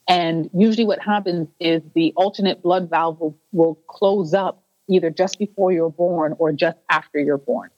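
A woman's voice: fairly low pitch, fairly even intonation, moderate pace, hardly any pauses, darkish tone, dry recording, highs cut off. A woman interview guest earnestly recounting a personal story, restarting her sentences and acting out the voices she quotes.

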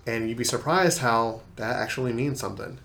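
A man's voice: medium pitch, brisk, a bit bright. A man co-hosting a podcast in a laid-back, easygoing casual chat. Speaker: podcast co-host.

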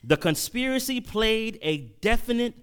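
A male preacher giving a sermon-style lecture, often restarting his phrases and building to loud, emphatic bursts. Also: very high voice, expressive, normal speed, clear, resonant tone. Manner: repeats and restarts while reading quotes aloud.

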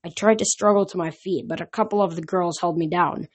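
A woman's voice: on the low side, brisk. A woman reading a novel aloud for her podcast, with occasional slips and restarts. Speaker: podcast reader.

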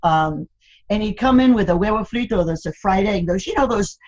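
A woman's voice: mid-range voice, expressive, fairly quick, a little mellow, muffled recording. An older woman chatting as an interview guest, telling family stories and laughing often. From Florida, USA. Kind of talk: casual interview chat.

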